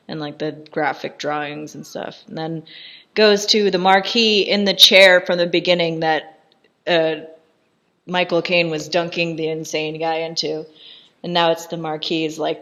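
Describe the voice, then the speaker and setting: Woman, low voice, casual film commentary, amused chatty scene-by-scene recap. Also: steady tone, a little slow, a bit bright. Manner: chatty, amused scene-by-scene retelling with frequent laughs.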